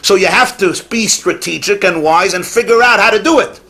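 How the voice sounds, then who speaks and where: A man's voice: high voice, brisk, vocal fry, bright, forceful tone. A rabbi giving a Torah class, emphatic and repeating his key phrases, with Yiddish and Hebrew words mixed in.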